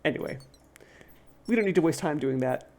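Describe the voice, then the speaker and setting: A woman's voice: low-pitched, lively intonation, brisk, darkish tone. A woman streaming a video game, chatting casually and self-deprecatingly with fillers. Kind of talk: casual let's-play commentary. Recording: game music playing underneath.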